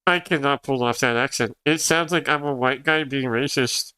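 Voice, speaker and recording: On his livestream, a young native Spanish speaker rambles casually and laughs often while replying to chat. His mid-range voice comes out pushed and bright at a moderate pace, clean and free of echo.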